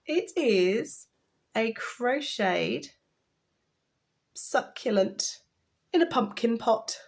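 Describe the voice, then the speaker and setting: Chatty woman with a lively voice. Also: on the high side, drawn-out words, gravelly, long pauses. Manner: rambling, chatty, gushing with excitement. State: tired. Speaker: knitting vlogger. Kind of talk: casual chatty vlog.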